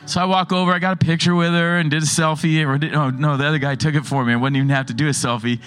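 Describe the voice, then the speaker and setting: Animated preacher man, slightly high voice. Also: racing, smooth. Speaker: pastor. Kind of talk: sermon.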